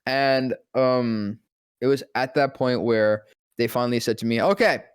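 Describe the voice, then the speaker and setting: A man, a guest voice actor, telling a story in casual podcast chat, profane and animated, often dropping into deep voices when quoting people. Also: unhurried, clean tone, no room sound, studio quality.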